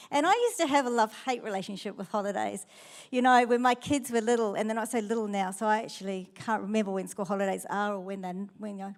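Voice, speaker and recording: A middle-aged woman pastor with a New Zealand accent, preaching a sermon in a chatty, storytelling way. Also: on the high side.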